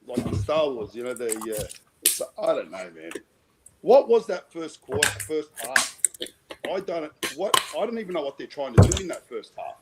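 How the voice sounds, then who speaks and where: A man's voice: on the high side, very animated, moderate pace, very noisy. A man calling in to a fan stream over an online call, sounding deflated and rambling a little. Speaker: caller. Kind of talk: casual chat on a call.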